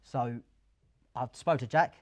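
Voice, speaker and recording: A young man tells his story at a live event in an office. He is chatty and lively, slipping into the voices of the people he quotes. His voice sits at an ordinary middle pitch. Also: slow pace. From Essex, England. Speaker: guest, career switcher. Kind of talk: casual storytelling interview.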